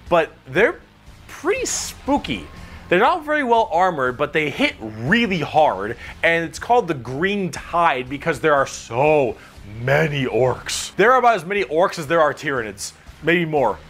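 A man narrating a comedic explainer video, energetic and jokey, swearing freely. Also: on the high side, moderate pace.

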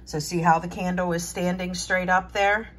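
A woman hosting a home preparedness channel, walking through a hands-on demonstration in a relaxed, chatty way, thinking aloud with fillers and restarts. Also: on the low side, normal speed. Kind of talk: casual how-to demonstration.

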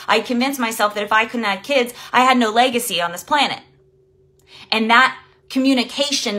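A woman's voice: fairly high pitch, pushed and bright. A woman life coach talking casually on a live stream, blunt and emphatic, swearing freely and greeting viewers by name.

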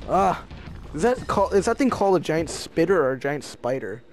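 A man giving casual, excitable gameplay commentary, prone to frustrated outbursts and slang. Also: fairly high pitch, normal speed, faint music behind. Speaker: let's play gamer.

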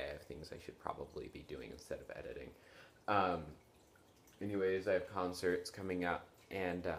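A sleepy teenage boy talks to his camera from his bedroom, his voice sitting quite low. He rambles and apologizes, stalling on ums and restarting his sentences. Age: late teens. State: tired and yawning. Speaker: vlogger. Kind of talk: casual chat to camera. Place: bedroom at home.

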